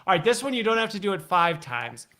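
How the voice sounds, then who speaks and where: A man's voice: high-pitched, sing-song, quick pace, bright, forceful tone. A man hosting a live online talk show, chatting casually and upbeat, laughing often and teasing his guest. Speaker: host. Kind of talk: casual livestream chat.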